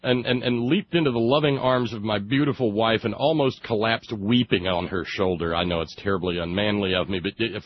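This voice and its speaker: Brisk and barely pausing, a man with a fairly low voice delivers a long, sarcastic radio monologue that builds to comic outbursts. The recording has no echo but is muffled and lo-fi.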